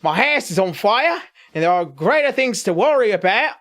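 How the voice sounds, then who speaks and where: A man putting on a deliberately bad Australian accent to play a grumbling male politician who complains while his house burns. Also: high voice, very animated, fairly bright tone. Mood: indignant. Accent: put-on Australian, badly done.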